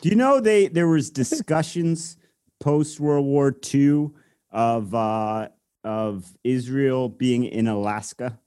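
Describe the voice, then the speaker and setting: A man's voice: mid-range voice, slow pace, darkish tone, smooth, dry recording. Man, casual chat, rambling explainer, dry close sound, mid-range voice.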